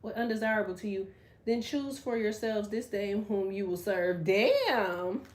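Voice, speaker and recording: A woman's voice: medium pitch, animated, unhurried, darkish tone, slight background noise. A woman hosting a tarot live stream, chatting casually and bluntly with her viewers, laughing often and reading their comments aloud.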